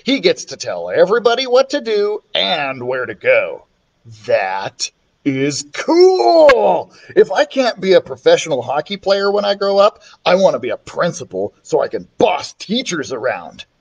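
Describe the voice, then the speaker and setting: An animated man reads a children's storybook aloud. His voice sits slightly high and leaps around with playful expression as he brings the characters to life. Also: normal speed, few pauses, breathy edge, muffled recording. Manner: expressive, voices the characters with big pitch swings. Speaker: children's librarian reading aloud.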